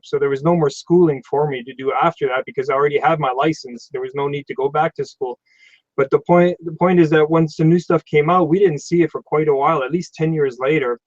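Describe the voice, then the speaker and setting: A middle-aged man with a southern German accent chats casually on a live stream, pausing and restarting as he thinks. His voice sits somewhat high for a man. The sound is dry and slightly dull, like a home computer mic. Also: no room sound. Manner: unhurried, hesitant, many fillers and restarts. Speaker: mechanic hosting a live stream.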